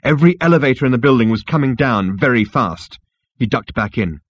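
A man narrating a comic audiobook in a wry, expressive storytelling manner. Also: mid-range voice, brisk, dry recording, muffled recording.

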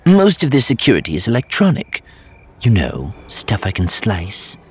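A man voicing a clever, self-assured male spy advisor who talks in a brisk, reassuring way. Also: on the low side, wildly swooping pitch, husky, voice pushed up, full character voice. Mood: confident.

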